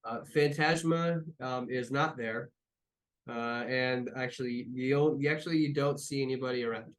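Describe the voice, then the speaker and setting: A man's voice: medium pitch, steady tone, moderate pace. Man narrating a tabletop game. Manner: loose narration with many fillers and restarts. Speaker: game master.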